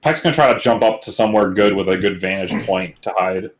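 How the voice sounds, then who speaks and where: A man's voice: sits low, quick pace. A man playing a tabletop game, chatting casually and easygoing. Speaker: player.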